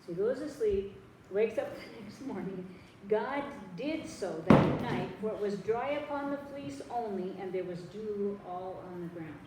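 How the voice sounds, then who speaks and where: A woman preaching a sermon, telling stories lively and acting out the voices of the people in them. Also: medium pitch, unhurried, heavy background noise. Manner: animated storytelling, acting out voices in dialogue. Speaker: pastor. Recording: echoey room, mic at a distance.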